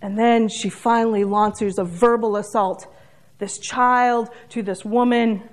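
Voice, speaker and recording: A woman preaching a sermon, retelling a story in a measured, reflective way. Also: a little high, steady tone.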